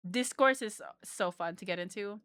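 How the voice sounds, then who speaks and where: A woman's voice: medium pitch, normal speed, fairly bright tone, smooth, no echo, clean studio sound. Bubbly, giggly woman streamer. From Philippines. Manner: bubbly, giggly, rambling with fillers. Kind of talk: casual live-stream chat.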